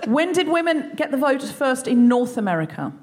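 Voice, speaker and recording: A woman with an Australian accent hosting a live comedy quiz, playful and chatty, quick with asides. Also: high voice, sing-song, a little mellow. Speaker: comedy podcast host. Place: live venue stage.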